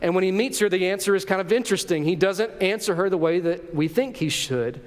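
A pastor with a high male voice preaches a sermon fairly quickly in a church sanctuary. His manner is conversational, questioning the congregation as he goes, and a church hall's long reverb surrounds the sound.

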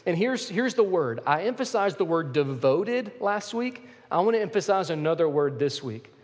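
A man delivers an emphatic sermon as pastor, his voice sitting a little high for a man. He hammers his main points by repeating them. The sound rings with a long reverb, as if from a large church sanctuary. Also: very animated, moderate pace. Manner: emphatic preaching, repeats key phrases.

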